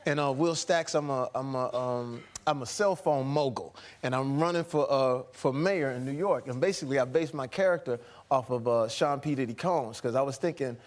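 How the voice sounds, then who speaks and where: A man's voice: medium pitch, moderate pace, few pauses. Easygoing male actor telling stories. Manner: easygoing, rambling with fillers. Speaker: actor guest. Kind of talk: chat show anecdote. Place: TV studio.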